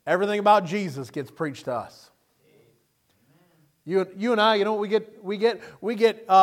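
A man preaching a sermon, telling Bible stories with animated delivery and acting out the characters. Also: sits high. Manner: animated storytelling, acting out scenes in character voices.

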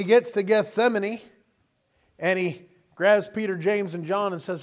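Animated male preacher telling stories. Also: high-pitched, moderate pace. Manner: animated storytelling, acting out scenes in character voices. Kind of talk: sermon.

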